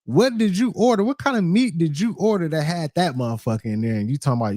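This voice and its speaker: A man's voice: on the high side, lively intonation, fast, hardly any pauses, warm tone, no room sound, clean studio sound. A man hosting a reaction video, talking loosely and profanely in slang, disbelieving what he watches. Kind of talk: casual reaction commentary.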